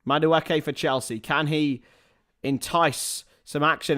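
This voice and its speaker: A man's smooth, medium-pitched voice carries an unhurried live football watchalong. Between bits of match commentary he chats casually with viewers, swearing, calling them lads, and now and then breaking into loud excited calls.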